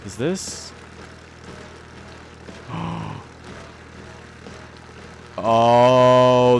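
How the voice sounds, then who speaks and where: A man's voice: fairly low pitch, a bit bright. Male gameplay commentator, anxious, repeats himself, faint hiss behind. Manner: anxious, talks to his characters, repeats lines. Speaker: gaming YouTuber.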